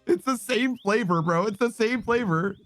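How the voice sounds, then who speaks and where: A man's voice: sits high, fairly bright tone, no echo. A man streaming, chatting casually with his viewers, reading chat aloud and teasing them with slangy, swearing banter. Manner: laughs often, teasing, reads chat messages aloud.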